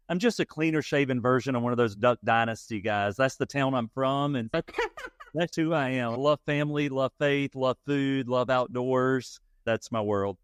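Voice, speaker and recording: A man's voice: mid-range voice, clear, resonant tone, no echo, studio quality. A man in his forties from Louisiana with a country accent and some Texas twang, telling his story as a podcast guest in a folksy, easygoing way. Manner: folksy, laughs easily, reflective. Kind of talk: casual interview storytelling.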